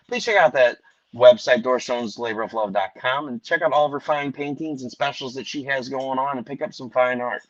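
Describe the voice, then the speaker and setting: A man's voice: medium pitch, dry recording, highs cut off. Rowdy, profane man hosting a show. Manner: loud, rowdy, rambling. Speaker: podcast host reading sponsors. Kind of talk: casual profane chat. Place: Missouri.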